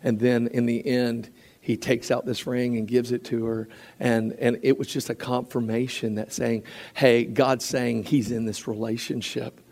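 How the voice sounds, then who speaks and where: Animated male preacher telling stories. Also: mid-range voice, measured pace. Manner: animated storytelling with acted quotes and frequent restarts. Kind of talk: sermon.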